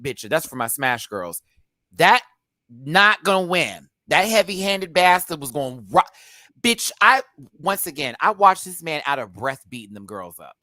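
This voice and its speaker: A man co-hosting a live TV review. He is loud and theatrical, his voice leaping around with a bright, forceful edge. The recording is dry and close. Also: fairly high pitch, sing-song, normal speed, dry recording. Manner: loud, theatrical, swinging from murmurs to shrieking punchlines. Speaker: co-host of a live review show. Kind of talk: casual live review chat.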